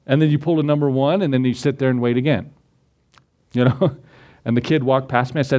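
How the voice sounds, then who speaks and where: A man's voice: medium pitch, a little fast, a little mellow. A man preaching a sermon as pastor, folksy and conversational, with asides, chuckles and acted-out quotes.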